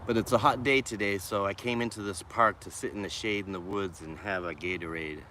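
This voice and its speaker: A man's voice: on the low side, fairly even intonation, bright, forceful tone, slight background noise. A man with a faint Boston accent, musing unhurriedly on a casual livestream as he answers viewer comments from a shady park. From Boston, USA. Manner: unhurried, musing, with trailing restarts. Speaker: livestreaming vlogger. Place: wooded city park in the shade, outdoors.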